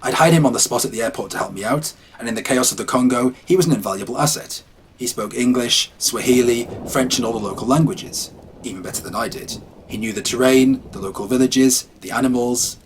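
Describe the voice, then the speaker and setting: Calm male horror storyteller. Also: medium pitch, slight background noise. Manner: calm, measured first-person storytelling. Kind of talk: scripted narration.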